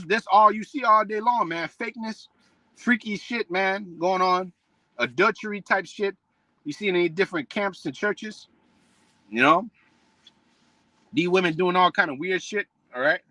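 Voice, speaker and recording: High, bright-voiced man preaching bluntly. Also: animated, moderate pace, long pauses, dry recording, poor audio. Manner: blunt, repetitive, calls listeners "man" and "bro". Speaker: religious preacher. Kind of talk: profane preaching rant.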